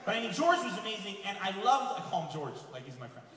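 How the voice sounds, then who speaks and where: Animated Lebanese-born man doing stand-up. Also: high-pitched, quick pace. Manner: animated storytelling, acts out other people's voices. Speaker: stand-up comedian. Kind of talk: stand-up comedy set. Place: comedy club stage before a laughing audience. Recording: echoey distant room mic with loud crowd noise.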